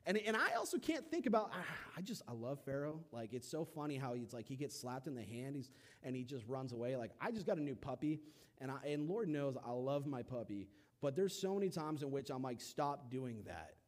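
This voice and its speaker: A young man preaching a casual sermon, telling stories with animated, acted-out quotes and big swings in loudness. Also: medium pitch, a little fast.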